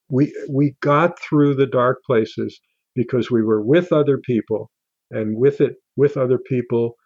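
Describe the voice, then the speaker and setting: An older man speaking as a guest author in an interview, halting and restarting often as he talks. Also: mid-range voice, no echo, dull audio. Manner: halting, with many restarts and fillers. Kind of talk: casual interview talk.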